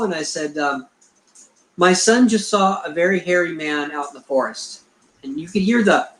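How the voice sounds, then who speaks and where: A middle-aged man with a fairly high, somewhat bright voice, a Bigfoot researcher appearing as a guest in an interview. He tells a rambling story and acts out the dialogue he quotes, recorded in an echoey room.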